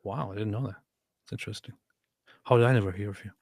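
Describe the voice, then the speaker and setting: A man co-hosting a casual live stream, reading viewer comments aloud with quick asides. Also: fairly low pitch, fairly even intonation, a little mellow, dry recording, studio quality. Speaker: co-host reading chat.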